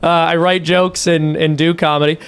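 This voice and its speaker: A man's voice: on the high side, level tone, moderate pace, clean tone. A male cartoonist co-hosting a podcast, talking casually in an upbeat way. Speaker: cartoonist co-host. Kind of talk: casual chat.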